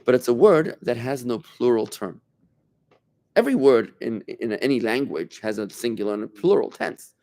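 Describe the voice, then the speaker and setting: A man's voice: mid-range voice, animated, normal speed, darkish tone. A man, a rabbi, giving an informal class to a small group in a room, talking casually and quizzing his listeners as he goes. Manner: conversational, asks the room questions, many restarts.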